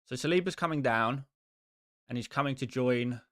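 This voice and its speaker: A man's voice: medium pitch, normal speed, fairly bright tone, dry recording, studio quality. A man hosting a live stream who chats casually with his viewers in a rambling, exasperated and self-mocking way.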